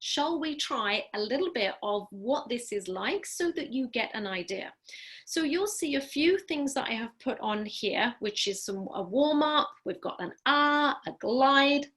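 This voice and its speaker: A woman speech therapist coaching a group through voice drills over a video call. Her voice is bright and forceful and sits a little high. She speaks clearly and deliberately, upbeat and encouraging as she guides everyone along. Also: animated. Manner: clear, deliberate, instructive delivery. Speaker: speech-language pathologist. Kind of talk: online class leading voice exercises. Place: home, during a live online program.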